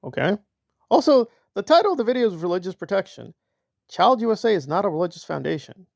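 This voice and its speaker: A man's voice: sits high, sing-song, quick pace, gravelly, a little mellow, no room sound, clean studio sound. A man hosting a commentary channel, talking sarcastically and mocking the people he discusses. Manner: sarcastic, mocking impressions of others. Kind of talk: reaction commentary.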